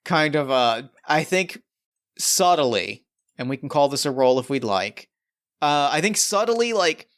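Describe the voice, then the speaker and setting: A man's voice: fairly high pitch, fairly bright tone, clean tone. A man playing a tabletop role-playing game, chatting enthusiastically and rambling about his dice and moves. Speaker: player. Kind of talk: tabletop game play, casual.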